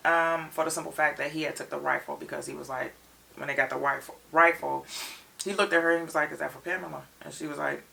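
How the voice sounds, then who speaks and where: A woman tells an episode's story in lively detail, her voice bright and heavily gravelly. She sits a little back from the mic. The recording has a slightly distant feel. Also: low voice, fast talker. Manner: expressive storyteller, retells scenes in detail. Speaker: reaction show co-host. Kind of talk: animated episode recap.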